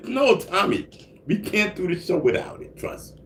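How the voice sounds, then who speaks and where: A man's voice: on the high side, big pitch swings, a little slow, a bit bright, slight background noise. A man hosting a casual livestream, chatting loosely and reading out viewer comments. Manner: laid-back, repeats "you know what I mean", frequent laughs and coughs. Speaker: livestream host. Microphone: single mic livestream.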